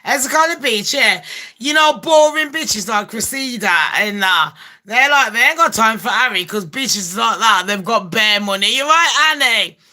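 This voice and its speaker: Woman ranting gossip on her channel, loud swearing, bright punchy voice. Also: fairly high pitch, moderate pace. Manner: brash, swearing, laughs a lot. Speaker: gossip vlogger. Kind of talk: casual gossip rant.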